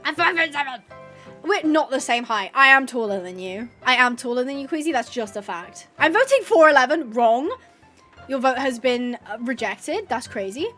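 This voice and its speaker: A bubbly woman in her twenties streams a game and chats with friends. Her voice sits high and light, and she gushes with lots of filler words and quick laughs. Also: animated, sharp tone, faint music behind. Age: 20s. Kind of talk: casual chat while gaming.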